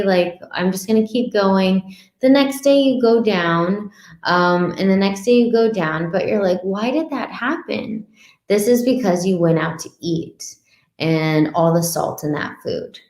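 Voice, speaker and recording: Chatty woman coach in an echoey room. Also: on the low side. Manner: chatty, lots of fillers, acts out excited clients. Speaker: wellness coach. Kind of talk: casual instructional talk with screen share.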